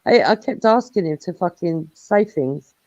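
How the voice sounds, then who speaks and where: Casting note: low-ish female panelist, blunt, lively pitch, dry lo-fi sound. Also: measured pace, no room sound. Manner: blunt, swears freely, laughs. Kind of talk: casual panel chat.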